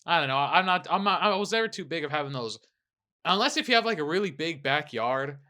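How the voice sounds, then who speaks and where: A young man chatting on a podcast from a room at home, swearing freely as he tells a rambling story. His voice is bright and a touch high for a man. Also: fast. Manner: profane, animated storytelling. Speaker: podcast co-host. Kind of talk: casual chat.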